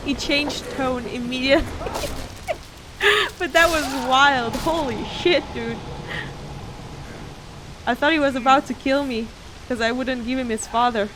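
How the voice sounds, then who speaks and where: A woman's voice: sits high, big pitch swings, a little slow, fairly bright tone, a little hiss or hum. A woman streamer chatting casually while playing a game, laughing often and swearing freely.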